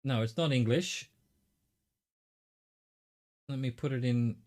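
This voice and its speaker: A middle-aged Australian man talks through a live game stream. He thinks out loud, chats with his viewers and swears casually. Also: medium pitch, slow pace.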